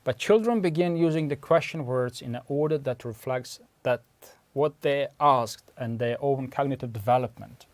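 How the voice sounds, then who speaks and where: Gravelly-voiced man with an Uzbek accent. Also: medium pitch, normal speed, no room sound. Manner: patient, methodical, stops often to clarify terms. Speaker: language researcher. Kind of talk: explanatory lecture.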